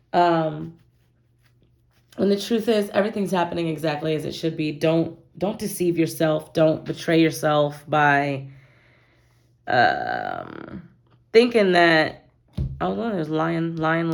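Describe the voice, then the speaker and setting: A woman's voice: lowish voice, gravelly. A woman giving a casual tarot reading, talking playfully and straight to her viewers. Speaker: tarot card reader.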